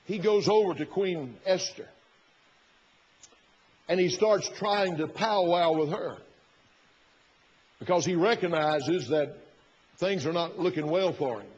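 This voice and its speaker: A man's voice: fairly high pitch, slow, long pauses, a little mellow, breathy edge. Folksy preacher man, lo-fi sermon. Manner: folksy, retells the story with quoted inner thoughts. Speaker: pastor.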